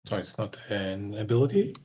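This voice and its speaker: A man's voice: fairly low pitch, sing-song, moderate pace, dark tone. A man playing a tabletop game, speaking briefly and matter-of-factly. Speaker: player. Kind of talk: casual tabletop play.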